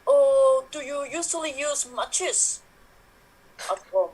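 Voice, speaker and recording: A woman voicing a gorilla figure that speaks slowly and hesitantly. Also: high-pitched, animated, darkish tone, low-quality recording. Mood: curious. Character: slow-spoken gorilla.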